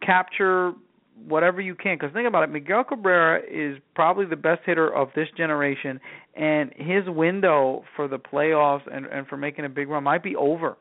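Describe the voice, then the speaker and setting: A man co-hosting a casual sports chat, laying out his points in a steady, explaining way. His voice sits a bit high. It comes through thin and tinny, like a phone line. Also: normal speed. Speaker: sports talk show co-host.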